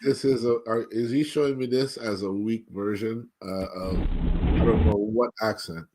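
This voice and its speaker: A man's voice: fairly low pitch, steady tone, moderate pace, heavy background noise. A man on an online panel show, asking blunt, wry questions in casual chat.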